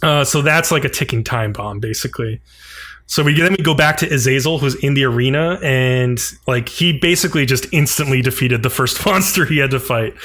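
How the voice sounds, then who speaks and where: A man's voice: medium pitch, brisk. A man co-hosting a podcast, casually recapping an episode and briefly acting out the characters' lines. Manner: animated retelling, frequent "like", acts out characters' lines. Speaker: podcast co-host.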